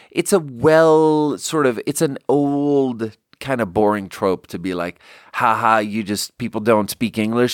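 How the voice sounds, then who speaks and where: A man riffing through a casual comedic monologue, his pitch bouncing all over as he tells a story. He swears freely, restarts his sentences, and slips into the voices of the people he quotes. The sound is dry, with no room echo. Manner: rambling, with frequent restarts. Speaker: podcast host.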